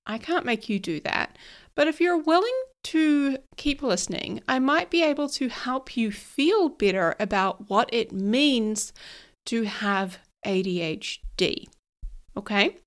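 A woman's voice: fairly high pitch, expressive, unhurried. A middle-aged woman from New Zealand with a New Zealand accent that drifts toward American, hosting a solo podcast in a chatty, self-deprecating way. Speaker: podcast host.

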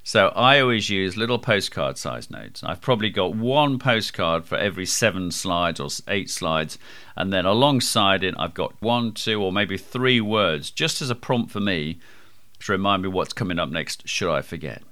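A man hosting a podcast on presentation skills, with a projecting, booming voice and an emphatic delivery that he slows and speeds for effect. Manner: lively, emphatic, varies pace and loudness for effect. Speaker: podcast host.

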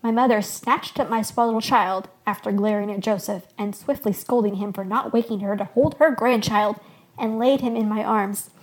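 A woman hosting a podcast, reading a fictional first-person story aloud with expressive storytelling. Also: mid-range voice, normal speed. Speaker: podcast host.

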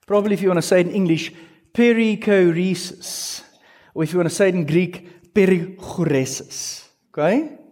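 A man delivering a teaching sermon in a slightly high voice. He is animated and stretches key words for emphasis. He breaks in with questions and playful asides to his listeners. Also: racing, husky. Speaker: pastor.

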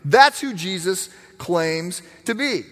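A man preaching a sermon, teaching in an animated, emphatic way with frequent restarts. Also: sits high, slow pace. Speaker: pastor. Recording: long hall reverb.

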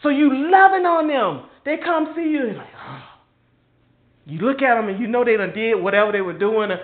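A woman's voice: a little high, very animated, normal speed. An older woman, preaching an informal sermon in an impassioned, conversational way, sometimes mimicking people in mocking asides. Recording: phone-quality audio in an echoey room.

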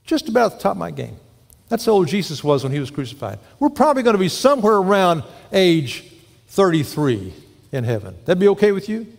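Male pastor, higher-pitched, folksy sermon delivery, long church-hall reverb. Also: very animated, brisk, creaky. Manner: folksy storytelling with questions to the congregation. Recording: long echo of a large hall.

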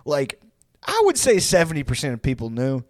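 Lively rambling comedy-podcast man. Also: medium pitch, fairly quick, dry recording, clean studio sound. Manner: loose, rambling storytelling with frequent laughter. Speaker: podcast co-host. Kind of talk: casual comedy chat.

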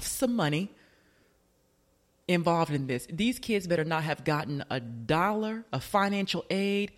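A radio show host in casual commentary, chatty and joking, firing off rhetorical questions. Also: mid-range voice.

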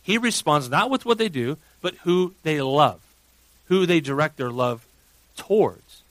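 Animated pastor preaching, dry sound. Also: male voice, on the high side, a little slow, no echo, poor audio. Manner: animated storytelling, swings from hushed to loud. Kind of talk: sermon.

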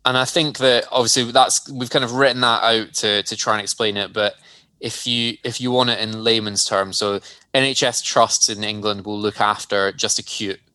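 Bright-voiced man co-hosting a podcast. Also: lowish voice, steady tone, moderate pace, dry recording. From Scotland. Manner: friendly, self-deprecating, explains in plain terms. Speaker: podcast co-host. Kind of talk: casual explanatory chat.

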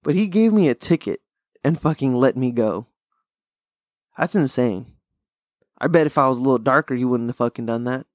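A young man rants on his podcast, rambling and swearing constantly with lots of restarts. His voice sits at a middle pitch and is recorded dry and close, with no room sound. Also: normal speed, long pauses, no room sound. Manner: profane, rambling, animated. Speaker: podcast host. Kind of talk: casual podcast rant.

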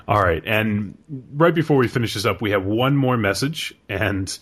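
Laid-back male podcast host, low voice, easygoing delivery. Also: normal speed, slightly rough. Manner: relaxed, hesitant with fillers. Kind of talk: casual chat.

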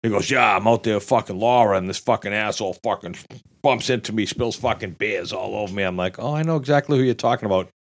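A man's voice: on the low side, quick pace. A middle-aged man with a Boston accent telling a rowdy story on a podcast, swearing, laughing and acting out the voices. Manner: animated storyteller, acts out quotes, laughs often. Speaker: podcast host. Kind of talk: casual storytelling with profanity.

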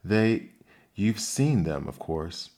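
A man's voice: deep voice, sing-song, slow, darkish tone, full character voice. A man voicing a sleepy, melancholy male turtle creature in an ASMR bedtime story reading, talking in a drowsy, rambling way.

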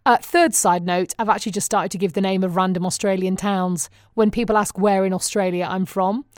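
A woman's voice: mid-range voice, fairly even intonation, a little fast, darkish tone, dry recording, clean studio sound. A woman from England with a British accent, chatting casually to her viewers in a wry, self-mocking way and laughing often. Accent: British English. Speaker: vlogger. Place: living in Phoenix, Arizona.

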